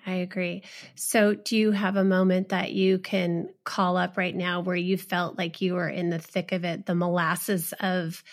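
A woman hosts a podcast interview with a gravelly, fry-tinged voice. She asks her guest gentle, heartfelt questions. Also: lowish voice. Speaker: podcast host.

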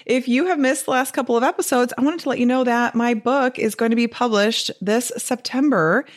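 A woman's voice: fairly high pitch, a little fast. A woman from the Midwest with a Wisconsin accent, hosting a podcast in a chatty, upbeat way and laughing often. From American Midwest. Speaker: podcast host. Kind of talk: casual solo podcast talk.

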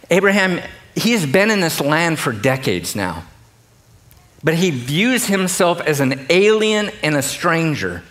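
A middle-aged man preaches from a church platform. His voice sits a little high, and he talks to the congregation in a loose, conversational way, teasing them between points. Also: sing-song, a little slow, fairly bright tone. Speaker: pastor. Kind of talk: sermon.

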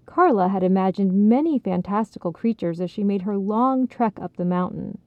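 A woman in calm storybook narration, soft and unhurried, over a dry, tinny phone-like sound. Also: mid-range voice, no echo.

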